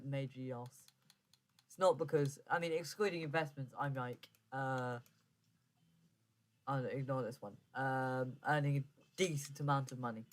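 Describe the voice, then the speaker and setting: A man's voice: medium pitch, steady tone, normal speed, pauses often. A man giving casual, rambling gameplay commentary as a gaming streamer, often correcting himself and stumbling over words. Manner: rambling, self-correcting, stammers when flustered.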